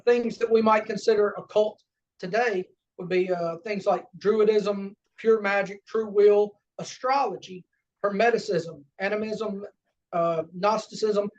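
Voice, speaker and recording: Halting Southern man lecturing from afar. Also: high voice, fairly even intonation, a little mellow. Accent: Southern American. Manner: halting, many fillers and self-corrections. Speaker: lodge education lecturer. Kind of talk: unscripted lecture with slides. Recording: distant, dull lo-fi room recording.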